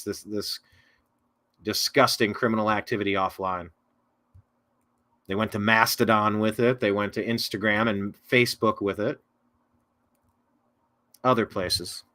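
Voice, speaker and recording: A man's voice: lowish voice, fairly bright tone. A man hosting a political talk show, reading viewer comments aloud and rambling through casual commentary with sarcastic, self-correcting asides.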